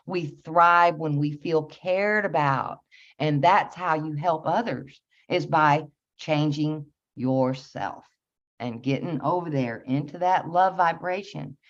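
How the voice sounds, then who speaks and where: A woman giving a casual spiritual talk, earnest and meandering, with soft laughs and many fillers. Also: low-pitched, takes it slowly. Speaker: spiritual channel host. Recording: slightly dull lo-fi audio.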